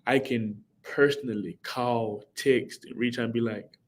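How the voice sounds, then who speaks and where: Speaking in a mid-range voice with a steady tone and measured pace, this young man runs a casual livestream. He's a college football player who reads viewer comments aloud and replies to each by name.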